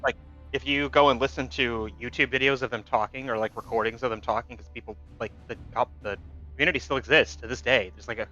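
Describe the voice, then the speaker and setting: A bright, forceful male voice, holding forth confidently like he's giving a small lecture between rounds. The sound is dull and lo-fi, with faint music playing underneath. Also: mid-range voice, steady tone, fast talker. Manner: explains at length, confident lecturing tone. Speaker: gamer chatting with friends. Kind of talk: casual chat. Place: home gaming setup, voice chat.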